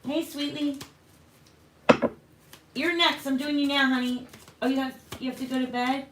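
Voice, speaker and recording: A woman with a slightly high voice hosts a live tarot stream, chatting warmly and casually with viewers. She calls them honey as she talks through the cards. A faint background noise sits under her voice. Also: fairly even intonation, normal speed. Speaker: tarot reader and livestream host.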